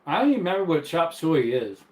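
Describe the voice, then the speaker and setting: A chatty man hosting a live stream from his bedroom, speaking a touch higher than most men. He is easygoing and laughs often while reading viewer comments aloud. The room adds a clear echo. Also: sing-song, quick pace, a little mellow. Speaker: livestream host.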